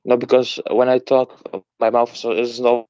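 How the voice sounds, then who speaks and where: A man's voice: mid-range voice, completely flat delivery, mellow, clear, resonant tone, no room sound. Hesitant man on a muffled call. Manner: hesitant, defensive, halting restarts. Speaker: caller in a debate. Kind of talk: casual debate.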